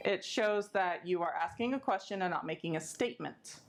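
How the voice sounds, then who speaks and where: A woman librarian, teaching a step-by-step sign language lesson in a friendly, clear way. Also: fairly low pitch, fairly quick. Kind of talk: instructional video lesson.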